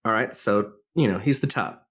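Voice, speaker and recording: A man's voice: fairly low pitch, normal speed, fairly bright tone. A man co-hosting a podcast, casually retelling a film's plot with lots of fillers and restarts. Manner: rambling, many fillers and restarts. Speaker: podcast co-host.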